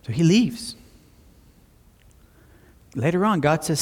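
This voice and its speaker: Man preaching an animated sermon. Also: a little high, slow pace, long pauses, breathy edge. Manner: animated storytelling with asides. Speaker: pastor.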